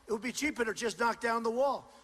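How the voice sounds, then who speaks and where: A man giving a campaign rally speech, punchy and repetitive and boastful, often shouting to the crowd through a stage microphone in a large indoor venue. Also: very high voice, fast. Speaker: political candidate. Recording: long hall reverb with faint crowd noise.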